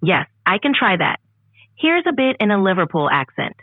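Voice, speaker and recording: A woman's voice: medium pitch, normal speed, no echo. Synthetic woman's voice, tinny playback. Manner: smooth, even, obliging. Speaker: AI voice assistant. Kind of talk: storytelling narration in put-on accents.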